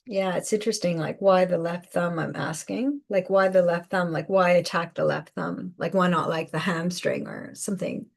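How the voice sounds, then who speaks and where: A woman hosting a live spiritual guidance session, speaking softly with many fillers and repeated phrases. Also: on the low side, steady tone, moderate pace, creaky, few pauses. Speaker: intuitive guidance host.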